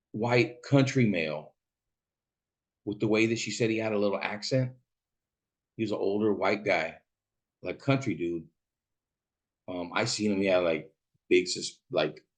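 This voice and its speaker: A man who drives for a rideshare app tells a story in a rambling, casual way, swearing freely. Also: fairly low pitch. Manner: rambling and profane, quick asides.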